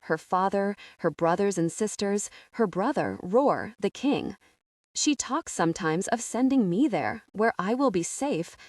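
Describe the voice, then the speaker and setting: A woman's voice: medium pitch, dry recording. Woman reading an audiobook, dry and distant. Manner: measured, expressive reading. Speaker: audiobook narrator. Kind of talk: first-person audiobook narration. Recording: dry, somewhat distant from the mic.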